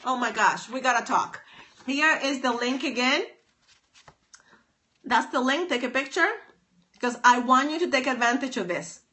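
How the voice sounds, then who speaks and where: A woman's voice: high-pitched, normal speed, pauses often, pushed and bright. A woman hosting a live phone stream, chatting upbeat with viewers by name and repeating herself often. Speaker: stylist and author hosting a livestream.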